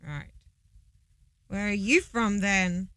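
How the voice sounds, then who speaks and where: A woman co-hosting a podcast in casual chat, playful and quick to laugh. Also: mid-range voice, a bit bright, no echo, rough recording. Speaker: podcast co-host.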